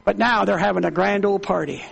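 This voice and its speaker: Fervent male preacher, very high gravelly voice, builds his sermon with repetition and rising shouts. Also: a little fast, rough recording.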